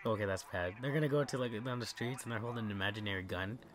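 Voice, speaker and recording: A young man co-hosting a let's play, talking casually while he plays, halting and laughing often as he tells a story. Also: fairly low pitch, a little hiss or hum. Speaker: let's play co-host and player. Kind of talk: casual gaming chat.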